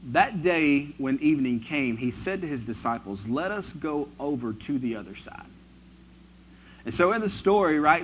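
A man preaching a sermon who moves from quiet, reflective passages to loud, emphatic ones. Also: fairly high pitch, a little hiss or hum, rough recording.

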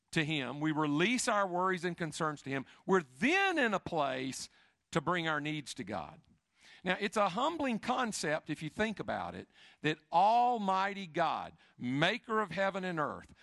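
A middle-aged man preaching a sermon, swinging from emphatic rises to quiet, intimate asides. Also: a little high, vocal fry, dry recording, studio quality. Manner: expressive preaching, rising and dropping to soft, intimate asides. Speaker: pastor.

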